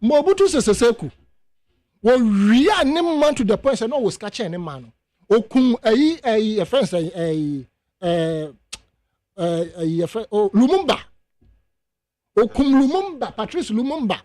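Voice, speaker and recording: Man, Ghanaian accent, emphatic, high-pitched, dry studio voice, radio debate. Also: unhurried, dry recording. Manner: emphatic, mixes English and Twi, rises to high animated outbursts. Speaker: radio panel guest.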